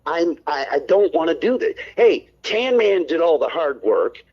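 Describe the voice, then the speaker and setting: Brash profane stream co-host, husky voice. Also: male voice, a little high, very animated, unhurried, a little mellow, muffled recording. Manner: brash, defensive, blunt and profane. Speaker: co-host of a call-in stream show. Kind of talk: heated on-air rant.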